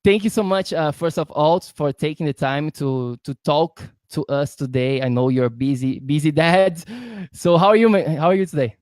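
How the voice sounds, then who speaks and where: A friendly, eager man from Brazil hosts a live interview over a video call, speaking English as a native Portuguese speaker. His voice sits a bit high for a man and he often calls his guest "man". The recording is dry and close. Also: normal speed, a little mellow, dry recording. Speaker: podcast host. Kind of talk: casual livestream interview.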